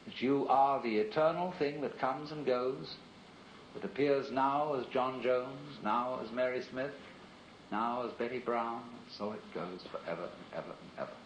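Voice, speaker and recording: A man giving a philosophical lecture in a measured, reflective and rhetorical way. The recording is an archival lecture tape. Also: mid-range voice, echoey room, a little hiss or hum, rough recording.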